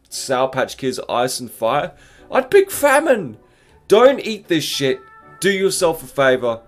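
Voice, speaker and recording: Lively young man in a profane rant. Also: on the high side. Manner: exaggerated, profane, mock-dramatic. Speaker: vlogger reviewing candy. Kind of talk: comic rant review.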